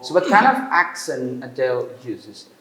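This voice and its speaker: A man's voice: mid-range voice, sing-song, a bit bright, slight background noise. Man lecturing in roomy classroom. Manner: asks the class questions, halting with fillers. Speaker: university lecturer.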